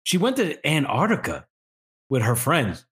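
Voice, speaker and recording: A man chatting on a podcast with friends, rambling and swearing as he tells stories. His voice sits a little high and jumps around a lot as he gets going. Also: unhurried, husky. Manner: animated, profane, rambling storytelling. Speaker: podcast co-host. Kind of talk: casual chat.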